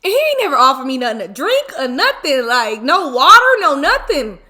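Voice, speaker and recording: A woman in her twenties telling a story casually while eating, animated and full of slang and exclamations. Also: high voice, normal speed. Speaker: mukbang vlogger.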